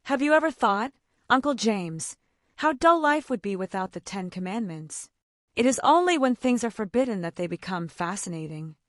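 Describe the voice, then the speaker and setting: A woman's voice: medium pitch, lively intonation, normal speed, no echo, clean studio sound, close to an everyday voice. A woman reading the part of a defiant young woman who fires back tart, brazen retorts at her relatives.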